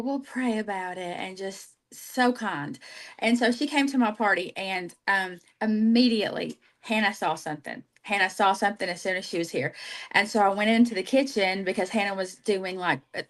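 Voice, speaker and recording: A woman speaks warmly and with feeling, telling stories about her team and her products. Her voice sits at an ordinary middle pitch in casual conversation. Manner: heartfelt, emotional, storytelling. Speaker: team leader, guest. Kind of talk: casual livestream chat.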